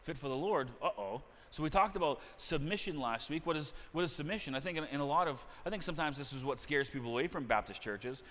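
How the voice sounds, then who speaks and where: Baptist pastor preaching in a reverberant church. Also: male voice, a little high, animated, fast, few pauses, a bit bright. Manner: conversational preaching with repeated words and restarts. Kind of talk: sermon. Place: church sanctuary.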